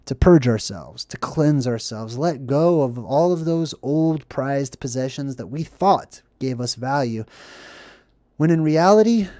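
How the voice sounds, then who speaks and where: A livestream host retelling a film to live chat in a casual, upbeat way, often asking 'right?' and slipping into quick acted quotes. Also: mid-range voice, mellow, no room sound, clean studio sound.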